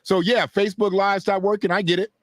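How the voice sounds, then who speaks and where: A fairly high-voiced man talks through fight clips in a loose, profane way. He replies to viewers as he goes. His voice is dry and close, with no room sound. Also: little pitch movement, a little fast, dry recording. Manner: blunt, profane, talks back to chat and clips. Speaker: boxing commentator. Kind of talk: casual video commentary.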